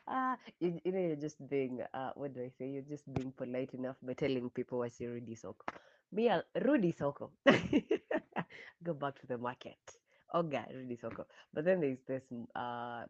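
A woman's voice: very deep voice, dark tone, no room sound. Kenyan woman, podcast host, chatty slang-mixing delivery, dull dry lo-fi recording. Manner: chatty, mixing English and Swahili slang, laughing often. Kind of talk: casual podcast chat.

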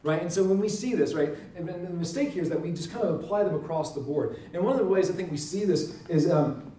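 A man teaching in an earnest, emphatic way, often checking in with a quick "right?". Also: sits high, dark tone. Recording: roomy sound, mic at a distance.

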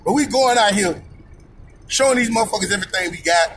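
Over a noisy background, a podcast host with a high voice rants quickly through a heated, profane opinion monologue. He drives his points home with repetition and rhetorical questions.

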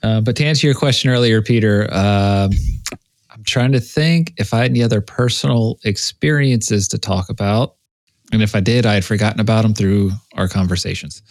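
A man's voice: on the low side, moderate pace, no room sound. A man from the Midwest co-hosting a podcast, chatting casually in a joking, laid-back way and often trailing off while he thinks. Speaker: podcast co-host. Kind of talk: casual chat.

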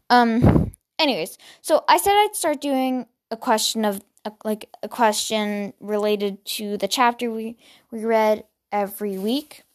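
A woman's voice: fairly high pitch, a little slow. A woman hosting a podcast, reading a novel aloud and then chatting about it casually, with fillers and restarts. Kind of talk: storybook reading with casual chat.

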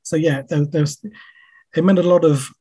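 A man's voice: fairly high pitch, fairly even intonation, dark tone, slightly rough. A man, a writer being interviewed, talking casually with many fillers and restarts, and taking the blame on himself. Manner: halting, frequent fillers and restarts; self-deprecating. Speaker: writer guest.

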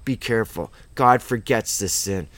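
A man's voice: lowish voice, moderate pace, fairly bright tone, no echo. Emphatic rambling male Bible teacher. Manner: rambling, emphatic, conversational with asides. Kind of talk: informal Bible study sermon.

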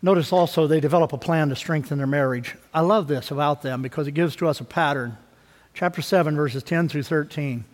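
A man in his fifties, a pastor preaching a sermon in a conversational way, dropping to low asides and rising for emphasis. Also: a little fast. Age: 50s. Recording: long hall reverb.

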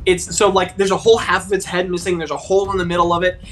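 Chatty, animated tabletop game master. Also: medium pitch, fast, soft background music. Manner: animated, chatty narration with frequent fillers.

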